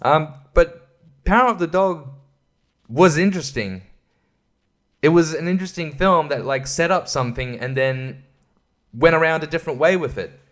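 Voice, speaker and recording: A man's voice: on the high side, normal speed, long pauses, a bit bright. A man hosting a podcast, giving a casual and profane film review rant, rambling and exasperated and stumbling over his words. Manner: stumbles and laughs between thoughts. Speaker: podcast host.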